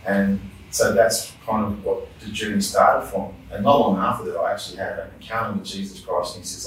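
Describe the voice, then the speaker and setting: As an interview guest, a man shares his personal faith testimony in an earnest, heartfelt, conversational way, restarting now and then. His deep voice holds steady, running a little fast with hardly any pauses. The distant mic picks up a roomy echo.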